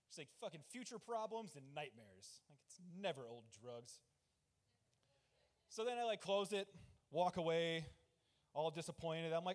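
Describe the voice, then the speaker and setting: A young man doing a rambling, deadpan, profane open-mic stand-up set on a club stage. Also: on the high side, normal speed. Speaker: stand-up comedian.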